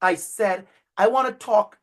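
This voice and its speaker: Animated man telling stories to a class. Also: high-pitched, measured pace. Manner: animated, repetitive, speaks directly to listeners by name. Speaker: speaker addressing future educators. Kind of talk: storytelling keynote talk.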